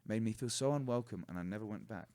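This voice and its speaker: Man telling animated stories. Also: on the low side, fast talker. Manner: animated storyteller who acts out other people's lines. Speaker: martial arts coach, podcast guest. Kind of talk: casual storytelling interview.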